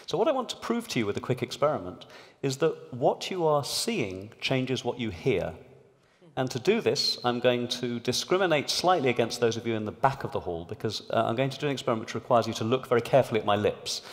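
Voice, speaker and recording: A man giving a public talk to a live audience in a large hall, explaining an experiment in a lively way. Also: mid-range voice, fairly quick. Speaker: panelist. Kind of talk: public talk at a debate event. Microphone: amplified stage microphone. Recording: long hall reverb.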